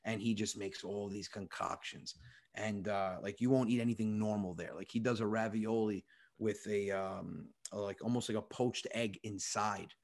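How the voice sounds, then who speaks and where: Guesting on a podcast, a young comedian from the United States delivers animated comic stories, voicing the people he quotes and cursing without restraint. His voice is gravelly and fairly low, with fairly even intonation at a normal pace.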